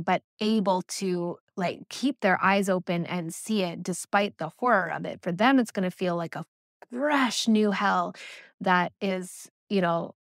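A woman hosts a spiritual podcast in an earnest, wandering way, leaning on little fillers as she thinks aloud. Her mid-range voice has a steady gravelly fry running through it. The sound is close and dry, with no room around it. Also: mid-range voice, no room sound. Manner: earnest, rambling, with many "you know" and "like" fillers. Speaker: podcast host. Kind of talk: spiritual solo podcast talk.

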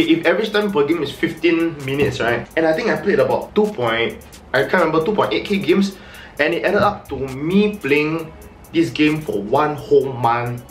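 A man telling a personal story in a casual vlog, animated, often repeating words and restarting. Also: a little high. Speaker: vlogger. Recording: echoey room, heard from a distance.

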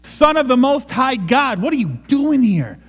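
A man voicing a tormented demon-possessed man who shouts at and pleads with the one confronting him. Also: fairly high pitch, big pitch swings, a little slow, big-room sound. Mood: pleading.

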